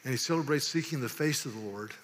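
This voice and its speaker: A man's voice: mid-range voice, quick pace, a bit bright. A man from the South, preaching a sermon in a church in an emphatic, folksy way and repeating words as he presses a point. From American South. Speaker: pastor. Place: church sanctuary. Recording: long reverb of a church hall.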